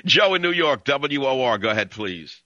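A man's voice: medium pitch, sing-song, normal speed, sharp tone, dry recording. A man hosting a talk radio show, ranting and sarcastic as he cuts in on callers. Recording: dull lo-fi broadcast audio.

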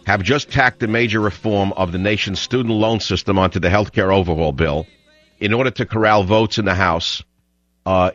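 An older man hosting a political talk radio show, ranting combatively and rising to shouts. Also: sits low, no echo. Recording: dull lo-fi broadcast sound.

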